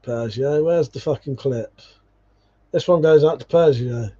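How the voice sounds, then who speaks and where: A man's voice: mid-range voice, a little slow, mellow, dull audio. A man hosting a livestream, chatting casually and reading out viewer comments, swearing freely and calling people mate. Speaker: livestream host.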